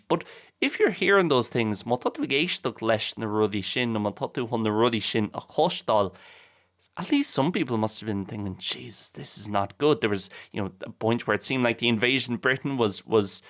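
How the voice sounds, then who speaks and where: A man's voice: mid-range voice, fairly bright tone. A man hosting a bilingual language podcast, casually repeating each point in two languages. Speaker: Irish language teacher and podcast host.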